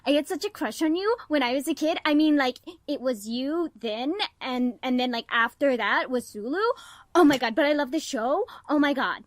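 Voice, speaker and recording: A woman voicing an excitable young female archmage who gushes and talks fast in a tabletop game. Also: on the high side, dry recording. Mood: gushing. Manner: gushing and fast, lots of "oh my god".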